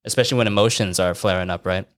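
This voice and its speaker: A man in casual, profane chat, telling animated stories and mimicking people in high put-on voices. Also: rapid-fire.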